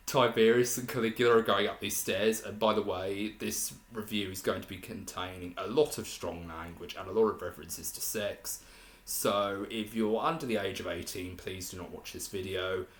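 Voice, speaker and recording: A young man with a fairly low voice talks through a film review, rambling and hesitant, often stopping to restart a thought. His voice carries a noticeable room echo. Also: steady tone, moderate pace, a bit bright. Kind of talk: casual spoken review.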